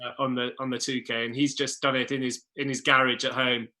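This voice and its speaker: A man's voice: medium pitch, flat delivery, a little fast, pushed and bright. A man in his thirties, a former rower, talking in a casual conversation with many restarts and repeated words. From England. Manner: hesitant, repeats words at the start of phrases. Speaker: guest, former Olympic rower.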